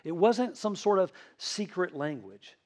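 A male pastor with a Tennessee accent preaches to his congregation. His voice sits high for a man, and he keeps tossing questions out to the room and asking "right?". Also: big pitch swings, unhurried, a little mellow. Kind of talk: sermon. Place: church.

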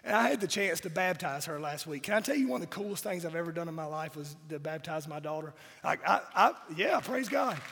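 A man, preaching a sermon with a high, gravelly voice. He keeps pressing the congregation with emphatic rhetorical questions. A long reverb trails his words through the church sanctuary. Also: a bit bright. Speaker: pastor.

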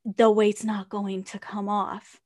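A woman's voice: mid-range voice, level tone, slow, a little mellow. A woman co-hosting a podcast, chatting candidly about her own experiences, often laughing and putting direct questions to the listener. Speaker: podcast co-host. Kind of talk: casual podcast chat.

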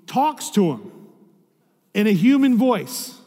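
High-voiced pastor preaching in a reverberant hall. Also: male voice, animated, normal speed, dark tone. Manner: conversational preaching, asks the room rhetorical questions. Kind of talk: sermon.

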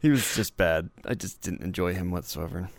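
A man's voice: deep voice, normal speed, creaky, dry recording. A man co-hosting a podcast in casual chat, laid-back and rambling, reading out news items. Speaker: podcast co-host.

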